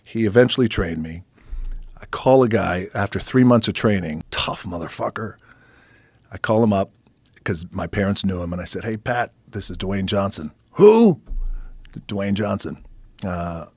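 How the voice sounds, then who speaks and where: A middle-aged man casually telling stories as a podcast guest, swearing freely and dropping into hushed near-whispers for quiet moments. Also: low voice, moderate pace, husky, dry recording. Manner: swears casually, laughs between anecdotes. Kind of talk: casual storytelling.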